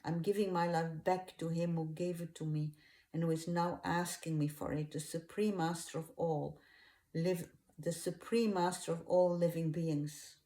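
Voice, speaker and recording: A woman's voice: fairly low pitch, little pitch movement, moderate pace, warm tone, roomy sound, lightly acted. A woman voicing an anguished grown man who pleads and prays in agony, raising her voice above her own. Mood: resolute. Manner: pleading, sobbing-edged outbursts.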